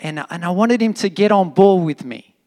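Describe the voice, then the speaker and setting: A man preaching a sermon in an animated, emphatic, conversational way, with fillers and restarts. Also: high voice, moderate pace. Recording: long reverb of a hall.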